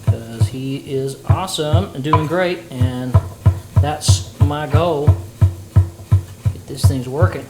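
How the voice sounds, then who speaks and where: A man's voice: a little high, takes it slowly, over loud music. Chatty man cooking in an echoey kitchen. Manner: chatty and playful, talks to viewers. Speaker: livestreamer cooking dinner. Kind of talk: casual livestream chat while cooking. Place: home kitchen. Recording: echoey kitchen with sizzling pan noise.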